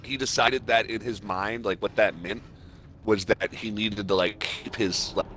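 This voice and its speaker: A man's voice: lowish voice, steady tone, a little slow, fairly bright tone, a little hiss or hum. A man chatting casually over a game stream, telling rambling anecdotes packed with fillers and laughing at his own stories. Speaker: streamer and storyteller. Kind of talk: casual chat over gameplay.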